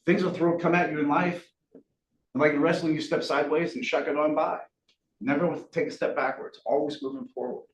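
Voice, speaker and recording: A man's voice: fairly high pitch, fairly quick. Man, motivational speaker type, earnest storytelling with folksy humor, heard from a distance in an echoey room. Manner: earnest, animated, folksy with self-deprecating humor. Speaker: guest speaker. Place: meeting room. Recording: echoey room, distant mic, faint hiss.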